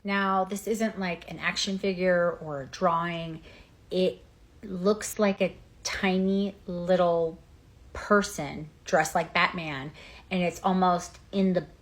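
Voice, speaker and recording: A woman's voice: fairly low pitch, fairly even intonation, slow pace. A woman telling a childhood ghost story in a plain, matter-of-fact way. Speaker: caller sharing a ghost story. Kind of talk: casual storytelling.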